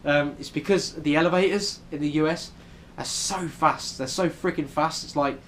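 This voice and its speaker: A man's voice: a little high, moderate pace, a bit bright, slight background noise. A young man with a British accent, chatting casually in a travel vlog with lots of ums. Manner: chatty, many ums, rambling. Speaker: vlogger. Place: hotel room in New York City.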